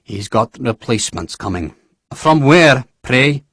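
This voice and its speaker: A man voicing a gruff, crude old general who curses freely. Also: medium pitch, sing-song, normal speed, fairly bright tone, dry recording. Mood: sardonic. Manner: blustering, profane.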